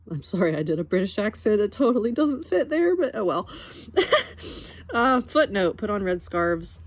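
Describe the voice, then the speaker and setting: A young adult woman reading a nonfiction book aloud in an expressive, wry way, breaking off now and then to comment on it. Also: mid-range voice, normal speed, dry recording. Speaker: audiobook reader.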